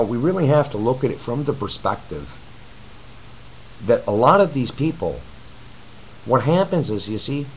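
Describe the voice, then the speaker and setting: A man's voice: mid-range voice, a little hiss or hum, poor audio. A man giving a blunt, profane, rambling webcam rant to his viewers from his apartment. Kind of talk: ranting webcam video reply. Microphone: camcorder mic.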